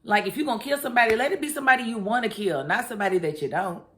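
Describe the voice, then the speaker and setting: Talking very fast in a somewhat bright, high voice, a woman who vlogs about TV gives a chatty, slangy recap of a drama episode, addressing her viewers directly.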